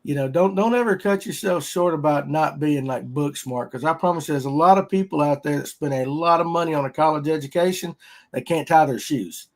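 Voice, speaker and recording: A man hosts a casual fishing podcast. His voice sits a little high, and he talks in a folksy, rambling, upbeat way. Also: fairly quick. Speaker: podcast host.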